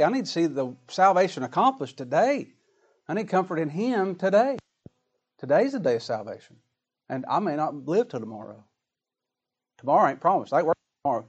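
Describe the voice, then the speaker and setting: Folksy preacher man, fairly high voice. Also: darkish tone, husky. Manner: folksy, dramatic sermon delivery with colloquial grammar. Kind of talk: sermon.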